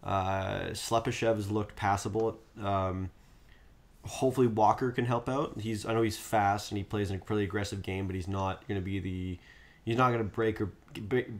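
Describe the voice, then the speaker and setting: A man's voice: lowish voice, steady tone, normal speed. A man co-hosting a casual hockey podcast, talking through the team in an analytical, hedging way with ums. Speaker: podcast co-host.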